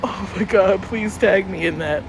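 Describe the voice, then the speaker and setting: A woman's voice: medium pitch, a little slow. A woman livestreaming outdoors on a city street, chatting casually and rambling with her viewers, swearing freely and saying she is cold. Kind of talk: casual live-stream chat. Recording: street noise, echoey street.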